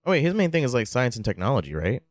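A man riffing excitedly in a casual comedy podcast chat. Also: medium pitch, racing.

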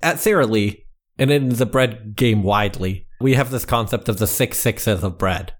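A man's voice: lowish voice, normal speed, natural voice. A man playing a worried bread executive. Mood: earnest. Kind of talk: improvised comedy role-play.

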